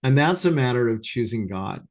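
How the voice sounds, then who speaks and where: A man giving an informal spiritual talk to a small congregation, earnest and conversational, pausing and restarting as he thinks aloud. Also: medium pitch, expressive. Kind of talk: informal sermon. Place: talk to a small congregation, also streamed online.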